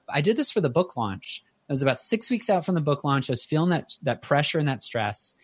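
Podcast guest: a man in his thirties, lively casual storyteller with a dry, close sound. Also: no room sound. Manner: animated storyteller, rises in pitch for quotes.

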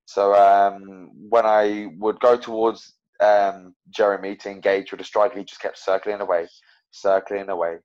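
A man's voice: fairly low pitch, level tone, moderate pace, darkish tone, lo-fi sound. A man talking as an MMA fighter guest, rambling and frank about his own fights. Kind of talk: casual interview chat.

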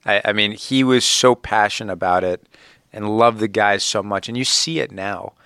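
Bright, smooth-voiced man in his thirties. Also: fairly low pitch, normal speed, no room sound, studio quality. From Ohio, USA. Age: 30s. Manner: earnest, reflective, frequent "you know". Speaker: sports team executive, guest. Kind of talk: conversational interview.

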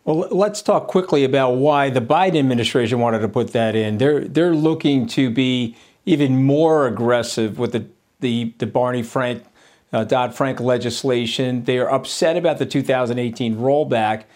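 A man speaking as a business CEO on a news panel, measured, with some repeated words. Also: mid-range voice, a little mellow.

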